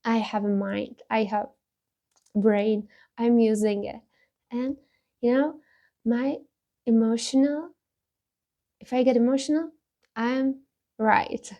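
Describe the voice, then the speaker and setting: Slow, mellow-voiced woman vlogger. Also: on the high side, steady tone, highs cut off. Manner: halting and candid, with frequent laughs and restarts. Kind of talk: casual talk while taking a personality test.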